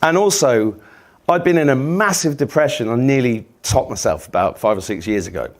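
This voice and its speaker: A man's voice: medium pitch, lively intonation, brisk. Sweary English man telling rambling stories. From England. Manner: sweary, rambling, jokey, laughing. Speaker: speaker. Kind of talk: casual storytelling talk.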